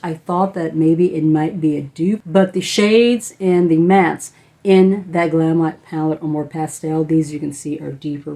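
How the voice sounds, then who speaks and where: A woman's voice: low voice, dark tone. A woman beauty vlogger, likely in her thirties, from the United States, chatting casually and gushing enthusiastically about eyeshadow palettes. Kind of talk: casual product review.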